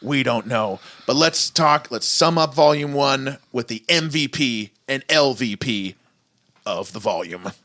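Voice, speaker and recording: Lively, bright-voiced male podcast co-host. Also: mid-range voice, measured pace. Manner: animated, acts out characters' lines in quoted voices; laughs often. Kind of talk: casual chat reviewing a TV series.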